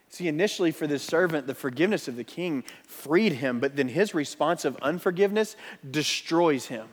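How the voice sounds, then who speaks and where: A pastor preaching a sermon in earnest, building emphasis and then dropping to soft asides. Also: male voice, fairly high pitch, expressive, brisk. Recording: long hall reverb.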